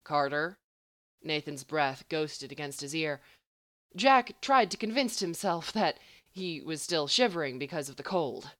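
Woman reading a story aloud, slightly low. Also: lively intonation, measured pace, fairly bright tone, dry recording. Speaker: narrator. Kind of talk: audiobook-style story reading.

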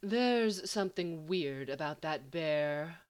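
A sardonic, teasing young woman, as a woman reads her, quick and dry with her jabs. The voice sits low with a lively lilt. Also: close to an everyday voice.

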